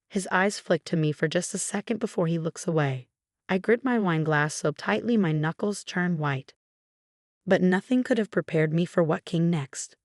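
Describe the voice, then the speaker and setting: A woman narrating a first-person story in an even, measured way. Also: on the low side, dry recording, studio quality.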